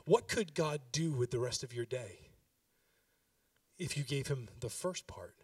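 A man's voice: medium pitch, lively intonation, unhurried, no echo. Preaching man heard from a distance. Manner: conversational preaching, building to emphatic exhortation. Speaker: pastor. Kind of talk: sermon.

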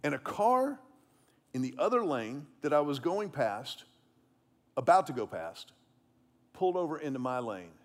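Male pastor, high and very expressive pitch; animated, conversational sermon delivery. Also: unhurried, pauses often. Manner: animated, conversational, self-deprecating humor.

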